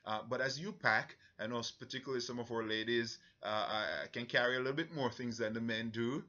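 A Jamaican man gives an earnest, halting church briefing, leaning on fillers as he goes. His voice is bright and forceful. The recording sounds somewhat dull and lo-fi. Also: medium pitch. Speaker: mission trip leader.

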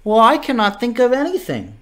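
A man's voice: extremely high pitch, huge pitch swings, a little fast, a bit bright, voice pushed up, full character voice. A man voicing a timid little male bird in a children's story, sheepish and hesitant. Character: timid small male bird who forgets his song.

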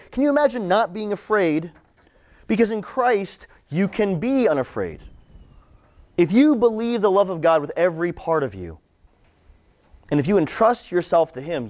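Animated man preaching to students. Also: fairly high pitch. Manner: animated, repeats questions for emphasis; casual, with fillers like "right?" and "like". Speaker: campus ministry speaker. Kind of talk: conversational sermon to students.

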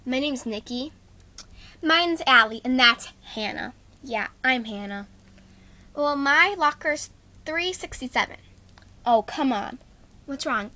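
Young girl doing all the doll voices, high and bright, skit at home. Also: animated, takes it slowly, pauses often, no room sound. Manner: voices several girls in a school skit, switching pitch. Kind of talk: doll play with homemade voices.

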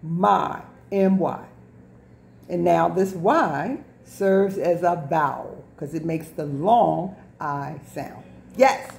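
A woman's voice: fairly low pitch, slow, gravelly, darkish tone. A woman teacher giving a lesson to young children, repeating words, drawing out sounds and spelling words letter by letter. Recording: echoey room.

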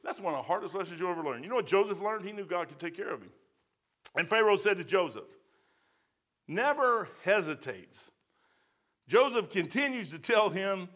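Brisk and sing-song, the pastor's voice sits high and sounds fairly bright as he works through scripture verse by verse. He has a Midwestern American accent and preaches in a folksy, emphatic, colloquial style inside a church sanctuary.

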